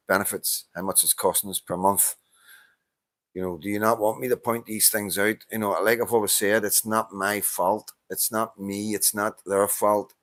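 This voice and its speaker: Speaking to camera in a dry recording with no room sound, a Northern Irish man fires back at a viewer's comment. His voice sits on the low side and is a bit bright, and his heated, casual rant is full of swearing and repeated false starts.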